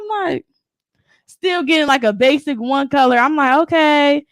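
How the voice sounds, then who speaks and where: A young woman with a high voice, chatting as a podcast co-host and acting out every quote with lots of laughter. She is heard close and dry, with no room sound. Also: normal speed, dry recording. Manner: animated storyteller, acts out quotes, laughs often. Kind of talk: casual chat.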